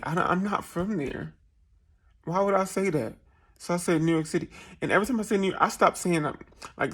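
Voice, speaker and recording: A man's voice: a little high, husky. A man from New Jersey vlogging in a casual, self-mocking storytelling style, laughing often and putting on voices for other people. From New Jersey, USA. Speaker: travel vlogger.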